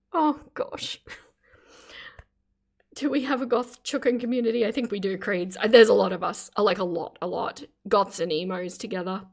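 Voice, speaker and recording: A woman's voice: on the high side, vocal fry. A woman hosting a live stream, chatting casually with her viewers and thanking them again and again for donations, often laughing and flustered. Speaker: livestream host.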